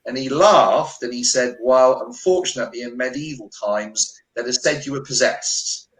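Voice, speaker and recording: A man's voice: medium pitch, normal speed. A British man, a healer, telling a personal story on a remote call and acting out the dialogue. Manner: animated, acts out quoted dialogue. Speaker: guest healer. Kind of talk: storytelling interview. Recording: echoey room on a call.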